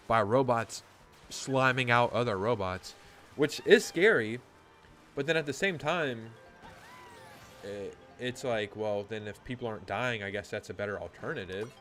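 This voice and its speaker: Bright-voiced man, rambling casual story. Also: mid-range voice. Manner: rambling, profane, lots of "like". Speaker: gaming YouTuber.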